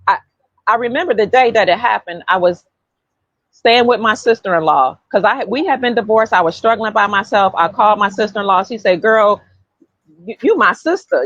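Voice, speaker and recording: A woman's voice: medium pitch, a bit bright, dry recording, dull audio. A woman hosting a podcast, telling a personal story in an earnest, casual way and often repeating herself. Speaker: podcast host.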